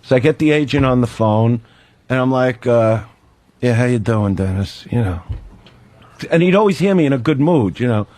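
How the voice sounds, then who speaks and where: A man's voice: medium pitch, moderate pace, no room sound. A man telling a comic story on a radio talk show, acting out both sides of a phone call and laughing as he goes. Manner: animated, acts out phone calls, laughs while telling. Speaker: guest comedian.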